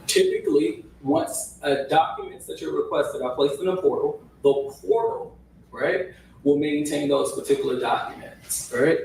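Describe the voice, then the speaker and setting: A man's voice: a little high, moderate pace, gravelly, darkish tone. A man testifying as a records custodian in court, hedging his answers and checking in with "right?". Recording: echoey room audio from far off, faint hiss.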